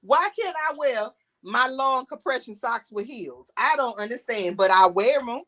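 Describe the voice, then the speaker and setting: A middle-aged New York woman who hosts a podcast chats casually with viewers while she cooks, laughing often in a cooking vlog. Her voice is on the high side, animated and a bit bright, at a normal speed.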